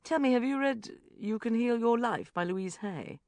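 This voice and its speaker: A woman's voice: on the high side, normal speed, darkish tone, dry recording, pitched above the performer's own voice, natural voice. A woman voicing an earnest, polite, posh man going through a divorce, for an audiobook.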